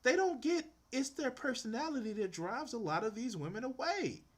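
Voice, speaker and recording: Lively ranting male streamer. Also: very high voice, normal speed. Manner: profane, exasperated, animated ranting. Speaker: streamer reacting to a video while drawing. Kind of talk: casual reaction commentary.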